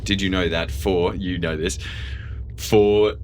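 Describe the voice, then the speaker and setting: A young man co-hosting a podcast, chatting casually in an animated, jokey way and swearing freely. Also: deep voice, slow pace, a little hiss or hum. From Australia. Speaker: podcast co-host. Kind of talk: casual chat.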